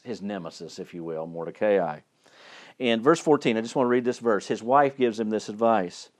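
A male preacher retells a Bible story in a loose, chatty way. He often stops and repeats words before pressing on. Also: medium pitch.

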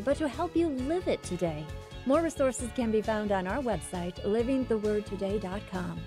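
A woman reading a smooth, measured scripted show introduction. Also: fairly high pitch. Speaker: program announcer. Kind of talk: scripted announcement. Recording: announcement over loud music.

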